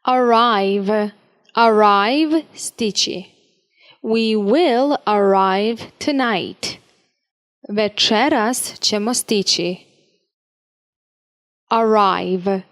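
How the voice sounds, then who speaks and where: A woman teacher reading a vocabulary drill, saying each word and example sentence slowly and deliberately, with careful enunciation. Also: medium pitch. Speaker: language teacher.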